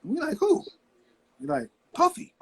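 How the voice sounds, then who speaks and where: A man's voice: very high-pitched, measured pace, gravelly. A middle-aged man, a record producer, telling stories in a casual interview and acting out the people he quotes. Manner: animated storyteller acting out quotes.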